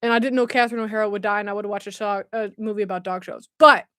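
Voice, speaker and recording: A woman's voice: medium pitch, steady tone, rapid-fire, a bit bright, clear, resonant tone, dry recording, studio quality. A woman hosting a casual livestream. She chats, laughs often and reads viewer comments aloud. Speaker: livestream host. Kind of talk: casual live chat.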